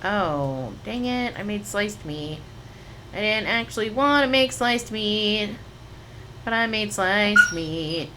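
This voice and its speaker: A woman's voice: medium pitch, animated, slow pace, background noise. A young adult woman streaming a video game at home, chatting casually and talking to her pet. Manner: chatty, talks to her pet in a soft coaxing voice.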